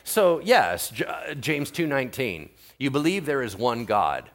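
A male pastor preaching in a lively, conversational way. His pitch rises and falls a great deal, and he keeps turning to the congregation with quick asides and questions. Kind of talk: sermon.

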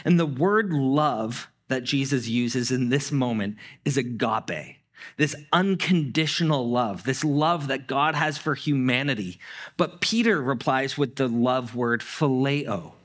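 A man's voice: mid-range voice, expressive, measured pace, fairly bright tone. A man preaching a sermon in a casual storytelling way, acting out the people he quotes. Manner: conversational, acts out quoted lines. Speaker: pastor.

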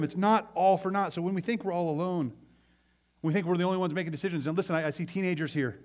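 A man's voice: high voice, quick pace. A man preaching a sermon to a congregation, retelling a scripture story with energy and acting out the voices of its characters. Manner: animated storytelling, acts out quoted voices. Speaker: pastor.

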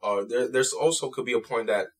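A young man in a casual chat, telling stories in an animated, slangy way. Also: mid-range voice. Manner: fast, animated storyteller, slangy.

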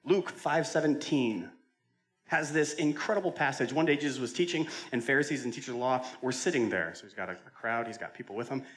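A pastor preaching a conversational sermon, telling the stories dramatically and swinging between loud and hushed delivery. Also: male voice, mid-range voice, expressive, quick pace. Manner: conversational, with repeated restarts. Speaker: senior pastor.

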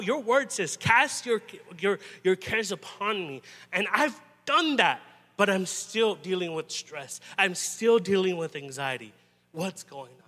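High, bright-voiced male preacher in a hall. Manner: conversational, halting with restarts and "you know". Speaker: pastor. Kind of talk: sermon.

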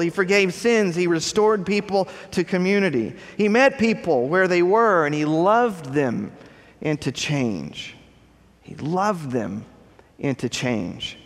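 A pastor preaching a sermon, emphatic and slowing down to stress key phrases. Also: male voice, on the high side, long reverb tail.

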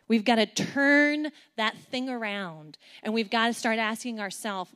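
A woman preaches a sermon to an audience in a lively, playful way, asking them many questions and acting out quotes with big jumps in pitch and volume. She speaks unhurriedly, with hardly any pauses.

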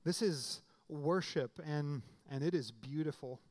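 Man preaching a lively, conversational sermon. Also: fairly high pitch, unhurried. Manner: conversational preaching with restarts and sudden emphatic rises. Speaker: pastor.

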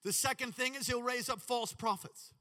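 A man preaching a sermon with animated, dramatic delivery and sudden shouts. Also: very high voice, moderate pace, in a large hall. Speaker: pastor.

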